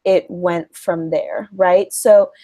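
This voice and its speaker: A young woman speaks in a fairly low voice, talking as a guest on a show. She thinks aloud in a casual way, with frequent ums and tag questions. The sound is dry and close. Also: steady tone, takes it slowly, warm tone, no room sound. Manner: chatty, thinks aloud with many ums and "right?". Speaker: guest, email marketer. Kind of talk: casual chat.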